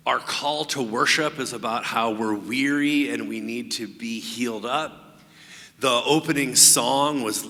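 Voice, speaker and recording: A man preaching a sermon as pastor, explaining his points in a measured way with frequent pauses. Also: mid-range voice, bright, forceful tone, in a large hall. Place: church sanctuary.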